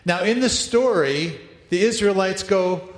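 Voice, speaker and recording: A man's voice: high-pitched, animated, measured pace. Upbeat male pastor in an echoey hall. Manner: upbeat, playful, directing the congregation. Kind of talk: interactive children's Bible story in church. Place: large church hall. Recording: echoey hall, long reverb.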